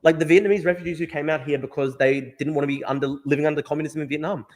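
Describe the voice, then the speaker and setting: Fast-talking, emphatic Australian man. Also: a little high, fairly even intonation. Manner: emphatic, profane, repeats himself. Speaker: livestream host. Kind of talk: casual political livestream talk.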